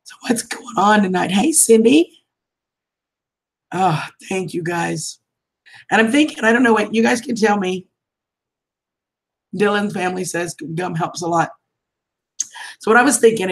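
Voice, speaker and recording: A woman's voice: fairly low pitch, rough recording. A woman, chatting casually on a livestream, reading out viewer comments and laughing often. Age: 50s. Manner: warm and affectionate with viewers, laughs often, calls them honey and sweetheart. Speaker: livestream vlogger.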